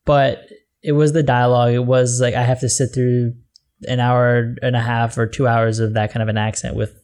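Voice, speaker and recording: A man co-hosting a casual podcast in a mid-pitched voice, stumbling and repeating himself as he gathers his thoughts. His delivery is loose and unpolished. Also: level tone, darkish tone, smooth. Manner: halting, repeats words while searching for them. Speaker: podcast co-host. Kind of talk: casual chat.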